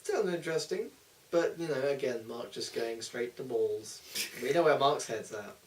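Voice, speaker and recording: A man's voice: medium pitch, animated, normal speed, a little hiss or hum. A young man co-hosting a casual film chat, teasing his friends and laughing often. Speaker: co-host. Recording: voice a bit far from the mic.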